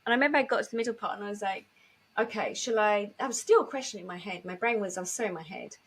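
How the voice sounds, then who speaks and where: A woman's voice: mid-range voice, rapid-fire, husky. A woman, a guest on an interview podcast, telling a personal story vividly, acting out remembered dialogue with many fillers and restarts.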